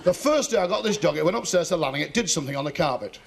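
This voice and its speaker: A man doing stand-up comedy, firing off quick one-liners with mock-innocent asides, on an old television recording. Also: on the high side, expressive, vocal fry, a crowd in the background, noisy background.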